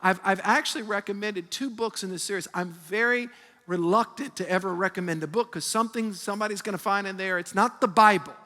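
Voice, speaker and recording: A man in his fifties, a pastor preaching a sermon with call-and-response and animated storytelling. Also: sits high, brisk. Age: 50s. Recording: long reverb of a large hall.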